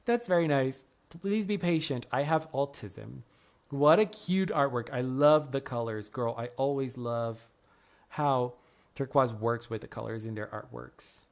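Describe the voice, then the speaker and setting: A woman streamer with an extremely low, slightly mellow voice chats casually and unhurriedly on a live stream while reviewing fan art. She gushes effusively, with frequent exclamations, laughs, and gasps.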